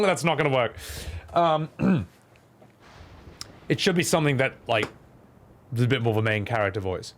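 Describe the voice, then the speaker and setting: A man's voice: medium pitch, expressive, moderate pace, long pauses. A man streaming a game and voicing its scenes, making sarcastic, joking asides. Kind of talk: gameplay commentary.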